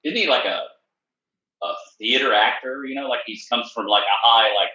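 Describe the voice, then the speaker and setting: A man co-hosting a podcast, chatting in an animated way and acting out quotes. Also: medium pitch, normal speed, muffled recording. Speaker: podcast co-host. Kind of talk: casual chat. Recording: roomy echo.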